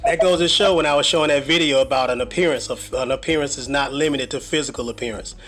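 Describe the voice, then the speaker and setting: A man's voice: mid-range voice, fast, fairly bright tone. A man hosting a recorded call, talking in a casual, emphatic, slangy way. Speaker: channel host.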